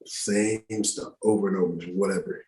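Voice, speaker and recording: A man's voice: deep voice, steady tone, moderate pace, a little mellow, roomy sound, low-quality recording. A middle-aged man who works as an actor, telling stories on a podcast in a casual, profane, slang-heavy way. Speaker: actor guest. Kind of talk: casual storytelling interview. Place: podcast studio room.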